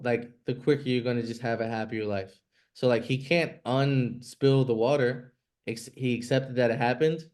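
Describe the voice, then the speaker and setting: A man's voice: mid-range voice, a little mellow. A man coaching a group over a video call, direct and blunt, with casual swearing and lots of "like" as filler. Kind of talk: motivational coaching talk.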